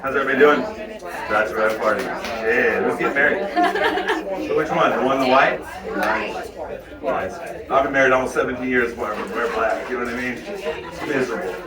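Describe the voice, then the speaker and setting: A middle-aged man doing a stand-up comedy set, crude and brash, talking conversationally with sudden yelled bits. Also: mid-range voice, very animated, normal speed, long pauses. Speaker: stand-up comic. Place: comedy club stage. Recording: echoey club from a distant mic with crowd.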